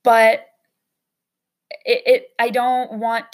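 Young woman podcaster, gravelly fry, open and emotional personal storytelling, casual swearing. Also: a little high, steady tone, slow. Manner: candid, emotional, with frequent fillers and swearing. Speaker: podcast host.

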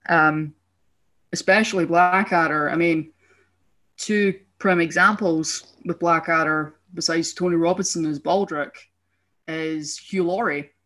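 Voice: medium pitch, fairly even intonation, measured pace, fairly bright tone. A young adult speaker from Scotland with a Scottish accent, chatting casually on a podcast and rambling animatedly with frequent restarts. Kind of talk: casual chat.

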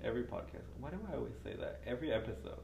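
Giggly podcast host with a gravelly edge. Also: mid-range voice, racing, a little mellow. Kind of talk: casual podcast chat. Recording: roomy with faint noise.

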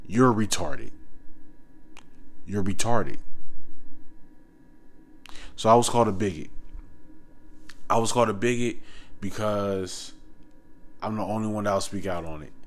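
A man with a fairly low-pitched voice rants in a monologue, fed up and insistent. He circles back to the same phrases again and again, with swearing thrown in, and sometimes sinks to a low whisper. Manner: heated and repetitive, hammering the same phrases, swearing. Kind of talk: ranting monologue to camera.

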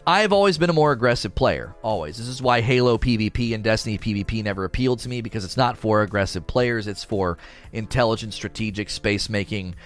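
A man in casual podcast talk, arguing his point in an animated, rambling, defensive way. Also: fairly low pitch. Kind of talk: casual argumentative chat.

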